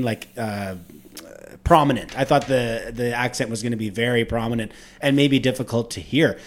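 A man hosting a casual hockey podcast, talking loosely and swearing, his voice jumping up when he gets worked up. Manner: animated, swearing, rises in pitch when worked up. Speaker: podcast host. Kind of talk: casual sports chat.

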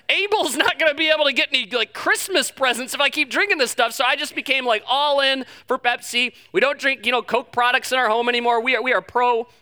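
A man preaching a sermon as pastor, telling a story in an animated, self-deprecating way before moving into scripture. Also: high-pitched.

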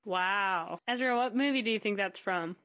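A woman's voice: mid-range voice, normal speed, fairly bright tone. A woman hosting a casual podcast, upbeat and steering the conversation. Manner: upbeat, guiding. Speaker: podcast host.

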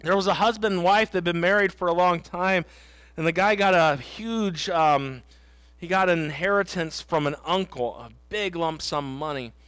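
Middle-aged male pastor, very high voice, dry close sound, earnest emphatic sermon delivery. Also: moderate pace, a bit bright, clean tone, no echo. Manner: earnest, emphatic preaching with stories and repeated refrains. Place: church sanctuary.

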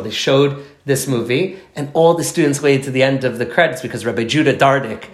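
A man's voice: medium pitch, roomy sound. A man leading a study class in a chatty, rambling lecture full of asides. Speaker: teacher leading a parenting study circle.

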